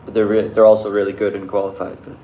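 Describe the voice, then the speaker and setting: A young man talks loosely to his viewers, his voice sitting a little low. He drifts and restarts, stringing thoughts together with "like." The room is echoey, with a faint hiss behind him. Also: flat delivery, quick pace, dark tone. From Canada. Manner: rambling, loose, many likes and restarts. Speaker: vlogger answering live chat. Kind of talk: casual chat.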